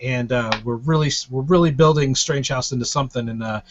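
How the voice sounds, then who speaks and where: A man's voice: mid-range voice, brisk. An American man hosting a live stream, rambling and profane, with many fillers. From United States. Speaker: host and publisher. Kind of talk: casual live-stream chat. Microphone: webcam. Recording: lo-fi webcam audio.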